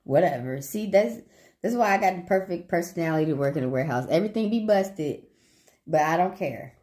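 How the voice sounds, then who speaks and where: A woman's voice: lowish voice, lively intonation, a little fast, warm tone. A woman with a Southern accent, chatting casually with viewers on a livestream as a tarot reader, talking freely, swearing and laughing often.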